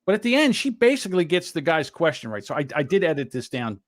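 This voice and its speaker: A man's voice: a little high, very animated, quick pace. A man hosting a podcast, giving blunt, rambling commentary in casual chat. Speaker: podcast host.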